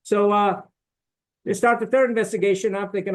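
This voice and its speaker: As a guest on a podcast, this middle-aged retired officer recounts stories frankly in a high voice, fast and in a steady tone. He's blunt, swears, sounds indignant, and leans on fillers and tags like "right?" The recording is rough.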